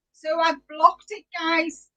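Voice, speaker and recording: Woman, middle-aged, bright voice, chatty, laughs often, live knitting show host. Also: very high-pitched, poor audio. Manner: chatty and giggly, greets viewers by name. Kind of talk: casual live-stream chat.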